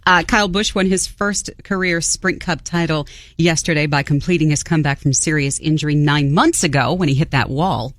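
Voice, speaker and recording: A woman co-hosting a morning radio show and reading entertainment headlines in a brisk way. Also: deep voice, no echo. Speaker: radio co-host, news reader.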